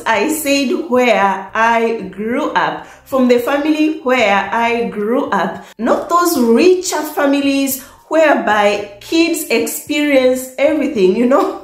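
Slow-talking woman vlogger in an echoey room. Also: fairly high pitch. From Tanzania. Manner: warm, laughs often, emotional at times. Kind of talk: personal storytelling to camera. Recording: echoey room with faint music.

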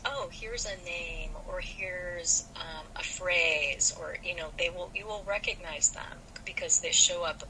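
A woman's voice: on the low side, a little slow, few pauses, sharp tone, slight background noise, poor audio. A woman hosting a casual book discussion, speaking hesitantly with many fillers and restarts. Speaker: podcast host.

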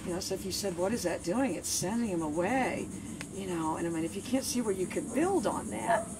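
A woman with an expressive, medium-pitched voice speaks fairly quickly during a casual dog-training demo. She's chatty and playful, repeating things in a sing-song way, and the outdoor audio is noisy.

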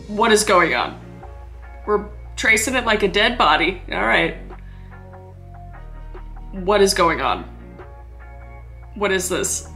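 A woman's voice: mid-range voice, pushed and bright. A young woman hosting a comedy video, mocking what she watches with exasperated, swearing reaction commentary.

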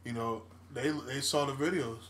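Bright-toned man, a coach, chatting. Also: medium pitch, fairly even intonation, normal speed, a little hiss or hum. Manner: reflective, sprinkles in "you know". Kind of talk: casual chat.

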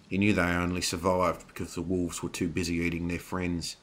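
Brief: deep male horror narrator, forceful and bright, steady dramatic reading. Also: brisk, few pauses, a little hiss or hum. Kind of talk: scripted horror story narration.

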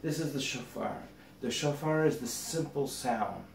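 A man, a rabbi, teaching a meditation by gently telling a parable. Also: mid-range voice, a little slow, creaky. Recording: roomy echo, distant mic, faint noise.

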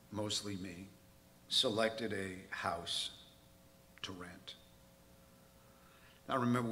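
A man's voice: low voice, bright, forceful tone, slight background noise. A man preaching a sermon in a church, telling a personal story in a candid, self-mocking way.

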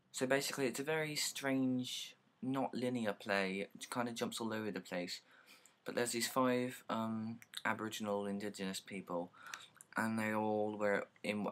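A man's voice: fairly low pitch, steady tone, moderate pace, fairly bright tone, rough recording. A young man casually summarizing plays, rambling with lots of likes and ums and casual swearing.

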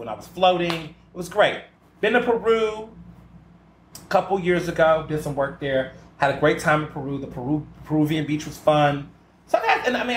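A man hosting a podcast, chatting casually alone in a sassy, emphatic way and often stopping to ask "okay?" for emphasis. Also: medium pitch. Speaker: podcast host. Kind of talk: casual solo chat. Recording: roomy echo with faint ambient noise.

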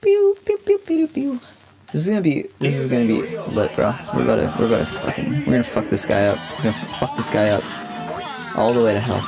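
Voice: mid-range voice, fast, vocal fry. A young adult game streamer giving casual live commentary, laughing often and swearing freely in a teasing way. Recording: game music behind the voice.

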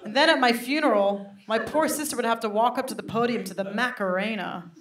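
This comedian, a woman in her 30s, has a fairly high voice and talks a bit fast while heavy noise fills the background. Onstage at a comedy club with a live crowd, she spins lively stories at her own expense, peppered with asides to the audience. The sound is that of a spacious live venue.

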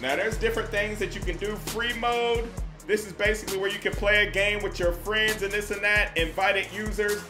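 A man, calling out a basketball video game in loose, excitable slang. He shouts at his on-screen teammates and keeps up a running commentary. The voice sounds roomy and echoey, with game music playing underneath. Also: sits high, moderate pace. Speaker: gaming YouTuber. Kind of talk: casual gameplay commentary.

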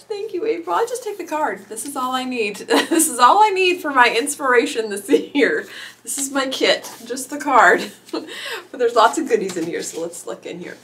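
A middle-aged woman vlogging as an author YouTuber, gushing and squealing with excitement while unboxing gifts, teary-eyed. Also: high voice, moderate pace. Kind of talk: unboxing vlog.

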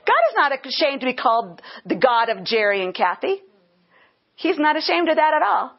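A woman's voice: high voice, big pitch swings, normal speed, husky. A woman teaching a Bible lesson earnestly, breaking into bursts of praise. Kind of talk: teaching sermon. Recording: dull lo-fi sound.

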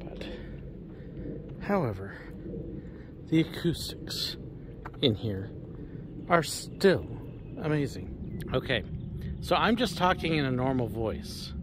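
With frequent pauses and a slow pace, a medium-pitched travel vlogger walks through an outdoor Roman amphitheater over background noise. Slightly breathless, he addresses a handheld camera that has no microphone, staying animated and projecting like a performer at moments.

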